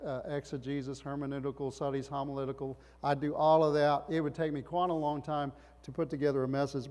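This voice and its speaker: A man's voice: mid-range voice, a little mellow. A middle-aged man, a pastor, preaching a sermon with emphatic rising bursts and rhetorical questions. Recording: long hall reverb.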